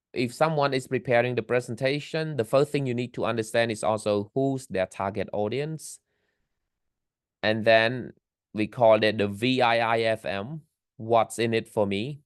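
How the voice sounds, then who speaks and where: A man teaching English vocabulary in a class, patiently repeating key phrases slowly for learners. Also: fairly low pitch, dry recording, studio quality.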